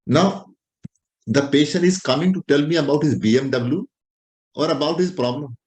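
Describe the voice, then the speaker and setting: A male doctor giving a clinical lecture, animated and teasing as he acts out his examples. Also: on the high side, normal speed. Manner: lively, animated, playful teasing. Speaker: doctor teaching a class. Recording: roomy echo.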